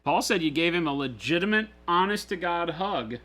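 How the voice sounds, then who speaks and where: A man hosting a casual livestream chat while painting miniatures, animated and joking, slipping into playful impressions of friends. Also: on the high side, moderate pace. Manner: animated storyteller, imitates friends in funny voices. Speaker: livestream host. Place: indoor hobby studio.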